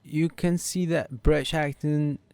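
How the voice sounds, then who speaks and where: A man's voice: fairly high pitch, fairly even intonation, unhurried, vocal fry, darkish tone, clean tone, no room sound. A man hosting a casual interview, chatty and peppering his questions with fillers. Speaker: host.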